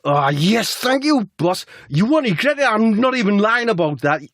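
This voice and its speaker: A man's voice: very animated, normal speed, a bit bright, no echo, studio quality, exaggerated voice. A man voicing a nervous young male footballer who pleads eagerly with his boss. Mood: pleading. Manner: high, eager, whiny pleading.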